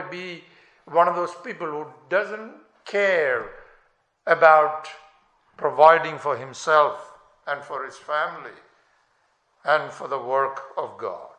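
A male preacher delivers a sermon at an unhurried, measured pace, his voice a little high and bright. He rises forcefully whenever he quotes scripture. The sound is roomy, with plenty of echo from the hall. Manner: slow, deliberate preaching with emphatic rises on quotations. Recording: echoey room.

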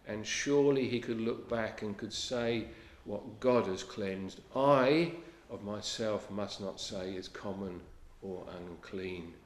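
Slow, earnest male preacher in an echoey room. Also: lowish voice. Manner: earnest preaching, quotes scripture in old English, drops to a hush on key lines. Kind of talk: sermon.

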